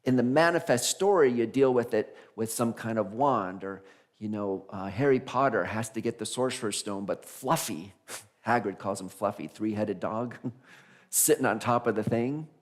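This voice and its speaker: A man minister preaching a conversational Sunday sermon, animated and laughing as he acts out the voices of figures in his stories. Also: on the low side, normal speed. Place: church sanctuary.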